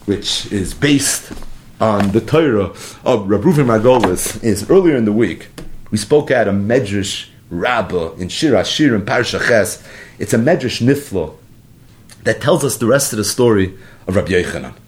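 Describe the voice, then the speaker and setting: A man giving a Torah lecture, an animated storyteller who acts out the dialogue. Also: on the low side, moderate pace, slight background noise. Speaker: Torah teacher.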